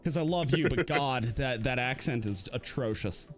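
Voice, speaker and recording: A man co-hosting a live-streamed podcast, talking casually and laughing often, with quick swings into mocking put-on voices. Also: medium pitch, expressive, soft background music. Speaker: podcast co-host.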